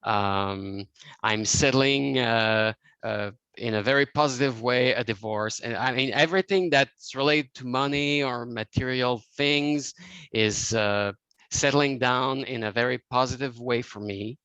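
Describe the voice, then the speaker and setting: Hesitant French Canadian man, crisp voice. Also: mid-range voice, a little slow, fairly bright tone, dry recording, highs cut off. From Quebec, Canada. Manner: hesitant, with many fillers and restarts. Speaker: participant sharing a card reading. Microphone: video call.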